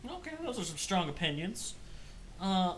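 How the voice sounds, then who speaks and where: A man's voice: high voice, big pitch swings, moderate pace, slight background noise. A man speaking casually and with a joking, hesitant manner while playing his character in a tabletop game. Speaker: player.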